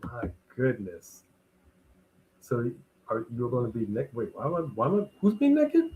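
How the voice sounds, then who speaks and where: Animated man co-hosting a wrestling stream. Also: medium pitch, normal speed, muffled recording, noisy background. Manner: animated, reads out viewers' greetings and weather. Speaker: co-host of a wrestling watch-along. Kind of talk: casual live-stream chat.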